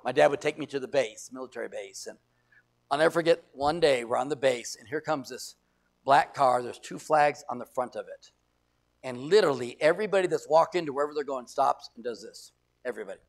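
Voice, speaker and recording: A man's voice: medium pitch, fairly quick. A middle-aged man from the United States preaching a sermon as pastor, emphatic, repeating phrases and acting out quoted voices.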